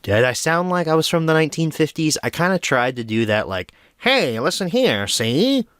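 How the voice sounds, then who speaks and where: A man's voice: a little high, lively intonation, a little fast, fairly bright tone, clear, resonant tone, dry recording, clean studio sound. A young man hosting a film review show, telling stories in a chatty, self-deprecating way. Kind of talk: casual film review monologue.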